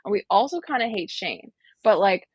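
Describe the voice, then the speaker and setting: A woman's voice: mid-range voice, animated, normal speed, husky, no echo, highs cut off. Joking woman with a dry, close sound. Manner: joking, blunt, laughs often. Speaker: podcast co-host. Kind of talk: casual chat.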